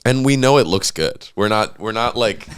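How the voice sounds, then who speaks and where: Low smooth-voiced man chatting. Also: expressive, moderate pace, a bit bright. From United States. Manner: laid-back, storytelling, laughs often. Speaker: podcast guest. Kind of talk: casual chat.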